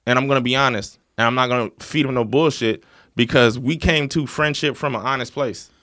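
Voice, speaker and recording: A man's voice: medium pitch, fairly even intonation, a little fast, sharp tone, no echo, clean studio sound. A man in casual conversation, talking bluntly and emphatically with frequent swearing. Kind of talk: casual chat.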